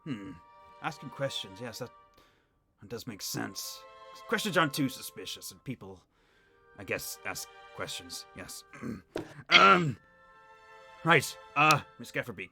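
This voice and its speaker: A man's voice: mid-range voice, vocal fry, bright, forceful tone. A man running a tabletop game as game master, narrating casually and with animation.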